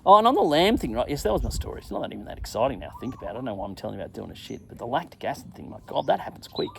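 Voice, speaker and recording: A middle-aged man hosting his own show, telling a crude, self-mocking travel story in a casual monologue and acting out his own shouts. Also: mid-range voice, sing-song, rapid-fire, creaky, slight background noise. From England. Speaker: podcast host.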